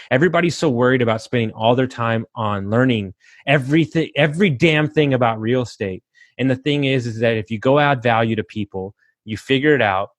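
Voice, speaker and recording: A man's voice: mid-range voice, dry recording, clean studio sound. A man speaking as a guest on a podcast, talking in an emphatic, fired-up way, swearing freely and preaching like a coach. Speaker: podcast guest, real estate investor. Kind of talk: motivational podcast talk.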